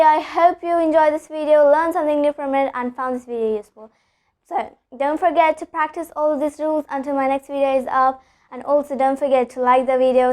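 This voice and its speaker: A woman teaching an online pronunciation lesson, explaining step by step, repeating example sentences and often checking in with a quick "okay?". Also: high-pitched.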